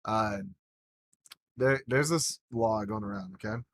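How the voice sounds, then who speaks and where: A man's voice: fairly low pitch, a little slow, fairly bright tone, slight background noise. Man rambling profanely on a podcast. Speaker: podcast co-host. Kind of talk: casual podcast chat.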